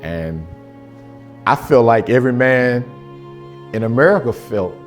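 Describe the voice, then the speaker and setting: A man's voice: medium pitch, expressive, a little slow, pauses often, faint music behind. A man doing stand-up storytelling in loose, profane, conversational slang. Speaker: stand-up comedian. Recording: live show with audience laughter.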